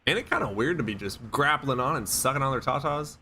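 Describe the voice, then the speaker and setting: A man's voice: medium pitch, animated, fast talker, sharp tone, a little hiss or hum. A man hosting a casual livestream chat, blunt and joking, swearing freely. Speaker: livestream host.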